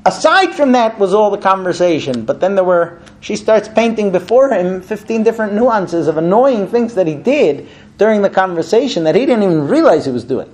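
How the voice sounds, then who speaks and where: A man's voice: sits high, fairly quick. A man teaching a small group about marriage, telling a story and acting out husband and wife in turn. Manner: animated storyteller acting out both spouses. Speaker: speaker giving a class on marriage. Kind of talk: lively talk to a small group.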